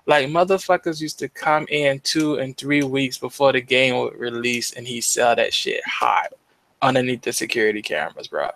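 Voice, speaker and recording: This podcast co-host is a young man with a mid-range, gravelly voice at a moderate pace. Swearing constantly, he spins lively stories on a casual show and performs the voices of anyone he quotes.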